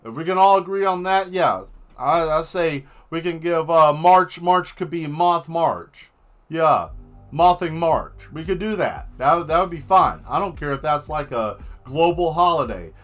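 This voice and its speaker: Bright-voiced man rambling jokingly on a livestream. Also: a little high, lively intonation, a little slow, soft background music. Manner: rambling, joking, answers the chat. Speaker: livestream host and painter. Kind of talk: casual livestream chat with viewers.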